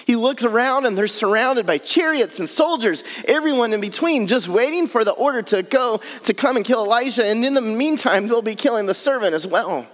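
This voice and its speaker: A man's voice: very high-pitched, animated, a little fast, few pauses, long reverb tail. A man preaching a sermon earnestly, building his points in repeated lists. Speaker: pastor.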